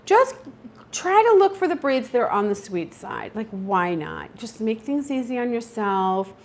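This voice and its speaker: A middle-aged woman hosts a casual homesteading livestream and chats freely with her viewers. Her voice sits fairly high and swings widely in pitch as she acts out her own reactions. She sounds animated and talkative throughout. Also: a little slow. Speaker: homesteading channel host.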